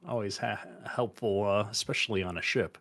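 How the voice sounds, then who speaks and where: A man with a fairly low voice plays his character in a tabletop game. He hesitates and stammers through his lines, restarting often. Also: brisk, a bit bright. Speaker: player. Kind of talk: in-character tabletop role-play.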